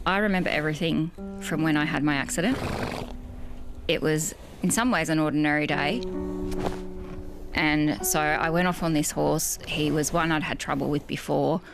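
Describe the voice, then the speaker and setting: A woman with a notably deep voice speaks in a calm, measured way. She recounts events reflectively, as in a documentary interview. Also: gravelly, over music.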